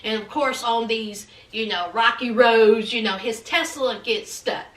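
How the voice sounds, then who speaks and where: A woman's voice: fairly high pitch, a little slow. A woman giving a chatty, sassy show recap, calling her viewers honey and child. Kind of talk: casual gossipy recap. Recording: roomy echo, mic at a distance.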